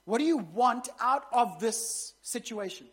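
A woman's voice: fairly high pitch, lively intonation, measured pace, slightly rough. A woman pastor preaching a sermon in a conversational way, with joking asides to the congregation.

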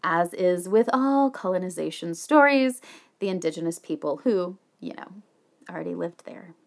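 A woman's voice: on the low side, expressive, normal speed, creaky. A woman from the United States co-hosting a podcast, reading history notes in a casual chat with swearing and jokey asides. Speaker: podcast co-host.

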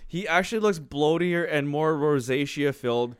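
A man's voice: fairly high pitch, normal speed, clean tone, no echo, clean studio sound. A man co-hosting a movie podcast, rambling crudely with a lot of "like" in casual chat. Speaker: podcast co-host.

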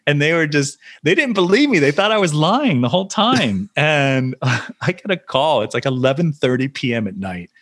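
A man, an actor, telling anecdotes in a casual interview, animated and laughing often. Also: fairly high pitch, moderate pace, dry recording, studio quality. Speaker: actor, guest.

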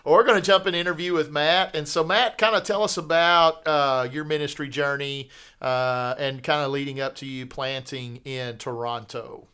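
A man's voice: fairly high pitch, fairly even intonation, moderate pace, bright, forceful tone, smooth. A man hosting a podcast, chatting casually and teasing with lots of fillers, at a studio mic. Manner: joking, teasing, hesitant with fillers. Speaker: podcast host. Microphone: studio podcast mic at a table.

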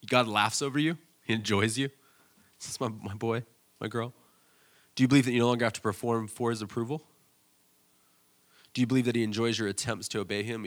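A man, preaching a sermon in a conversational, storytelling way with frequent restarts. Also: fairly low pitch. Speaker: pastor. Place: church stage.

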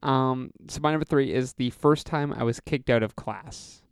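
Young man telling a story with a smooth voice. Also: medium pitch, normal speed, no room sound, studio quality. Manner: storytelling with acted-out quotes and frequent "like". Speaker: podcast co-host. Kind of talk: casual chat, telling a school story.

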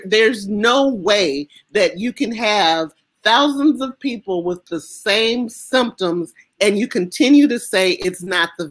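An American woman speaking as an interview guest, impassioned and emphatic, with halting restarts. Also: mid-range voice. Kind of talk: emotional interview conversation.

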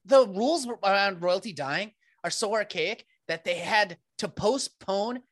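An American woman co-hosting a podcast in playful, joking chat. Her pitch moves freely up and down, and she swears casually. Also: lively intonation, measured pace. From United States. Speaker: podcast co-host.

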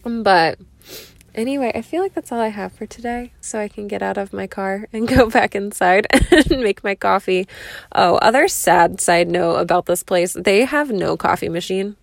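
A woman's voice: medium pitch, moderate pace, vocal fry, no room sound. A woman hosting a casual solo podcast, chatty and rambling with frequent laughs, recorded in her parked car. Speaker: podcast host.

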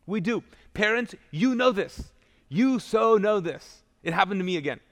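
A man's voice: high voice, expressive, normal speed, a bit bright. A male pastor giving a live sermon in a church, talking in a conversational storytelling way with restarts and asides. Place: church auditorium. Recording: long church hall reverb.

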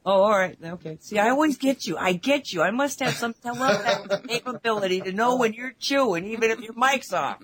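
A woman co-hosting a casual spiritual talk show, telling stories in a rambling, animated way with many asides, speaking over an online call mic. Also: on the high side, brisk, few pauses. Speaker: radio show co-host.

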